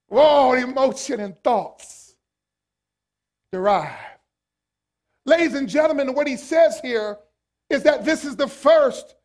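A man preaching a sermon as a pastor, swinging from hushed lines to shouted ones. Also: very high-pitched.

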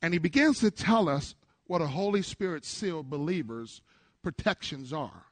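Middle-aged male pastor, high-pitched and dry-miked, preaching a lively call-and-response sermon. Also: normal speed, no echo. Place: church before a congregation.

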